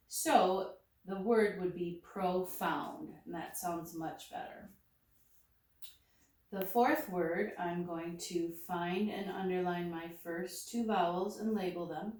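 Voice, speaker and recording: A woman's voice: lowish voice, darkish tone. A woman teaching a lesson, working through each word step by step and naming every action aloud as she does it. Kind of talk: slow step-by-step phonics demonstration. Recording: very echoey room, voice from a distance.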